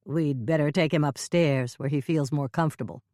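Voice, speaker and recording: A woman voicing a calm, kind male friend who speaks gently. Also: low voice, normal speed, dry recording, studio quality, lightly acted.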